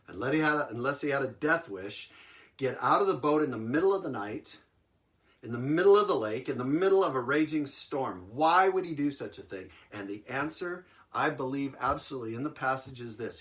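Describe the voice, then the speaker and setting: A man delivering a sermon with animated storytelling. He is mid-pitched and chuckles often between lines. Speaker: preacher.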